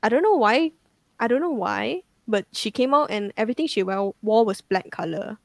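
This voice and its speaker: A woman's voice: fairly high pitch, expressive, moderate pace, no room sound. A young woman tells a ghost story casually, rambling with lots of "like" and swearing. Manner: rambling, full of "like" fillers and swearing.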